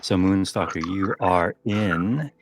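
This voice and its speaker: Low-pitched man running a tabletop game, easygoing, loose narration. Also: takes it slowly, slight background noise. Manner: relaxed, chatty, with frequent ums and self-corrections. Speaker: game master.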